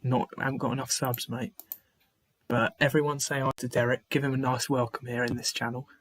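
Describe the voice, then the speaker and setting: A man's voice: medium pitch, level tone, brisk, a bit bright, dry recording. A man hosting a live football watchalong stream, chatting to viewers in the chat by name, sighing often and restarting his phrases. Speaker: livestream host. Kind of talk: live match watchalong commentary.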